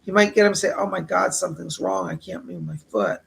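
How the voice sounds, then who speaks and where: A man doing live psychic readings on a stream, calmly reassuring viewers and passing on messages. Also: sits high, brisk, gravelly, breathy edge. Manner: reassuring, relays spirit messages, reads viewer questions aloud.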